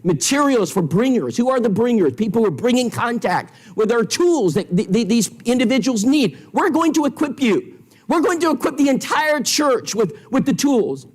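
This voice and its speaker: A man's voice: very high-pitched, very animated, moderate pace. A man teaching an evangelism seminar in a church, telling stories with quoted dialogue in an emphatic way. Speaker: preacher.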